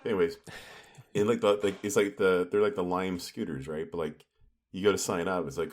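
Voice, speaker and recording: A man with a low voice tells a meandering story on a casual podcast. He talks loosely, full of fillers and asides. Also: steady tone, brisk. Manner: rambling storyteller, lots of filler. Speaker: podcast co-host. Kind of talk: casual chat.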